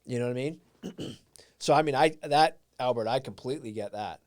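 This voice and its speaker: A man's voice: mid-range voice, fairly quick, dry recording, clean studio sound. A man whose first language is Portuguese, hosting a live stream and giving an earnest, reflective motivational talk while answering viewers' comments.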